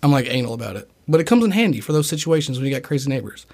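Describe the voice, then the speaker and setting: A man's voice: mid-range voice, very animated, very fast, darkish tone. A young man in casual podcast chat, telling a long, profane, rambling story and acting out other people's lines. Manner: acts out other people's voices in quotes.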